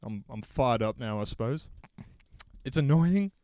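Australian man ranting with animated pitch. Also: unhurried, no echo. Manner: animated ranting, self-interrupting. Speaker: podcast co-host. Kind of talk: casual chat.

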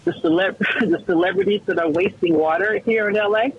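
A man's voice: high voice, a little fast, slight background noise. A man co-hosting a podcast in casual chat, playfully jumping in with remarks. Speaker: podcast co-host. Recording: dull lo-fi audio.

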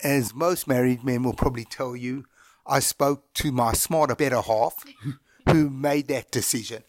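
A middle-aged man from Zimbabwe, a guest in an interview, telling stories about his life in a relaxed, anecdotal way and chuckling as he recounts them. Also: medium pitch, a little slow, no echo. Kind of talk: reflective storytelling in an interview.

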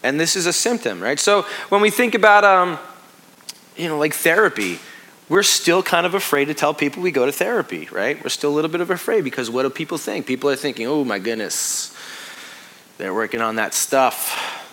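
A pastor in his thirties preaches in an easy, conversational way, stumbling over restarts and letting his voice fall low on the heavy parts. His tone is bright and forward, sitting a little high for a man. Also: lively intonation, quick pace. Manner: conversational, repetitive restarts, drops to a hush on heavy points. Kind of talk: sermon.

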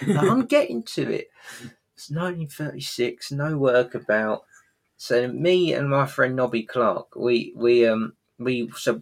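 Co-hosting a podcast, a man casually recaps a sitcom episode, laughing often and acting out its lines. His medium-pitched voice has lively intonation and vocal fry, and he never rushes.

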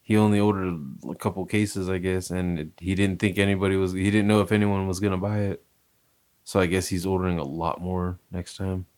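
Casting: young guy, low voice, chatty and rambling, casual swearing. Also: little pitch movement, brisk, darkish tone. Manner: loose, chatty, apologetic when he rambles. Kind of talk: casual chat.

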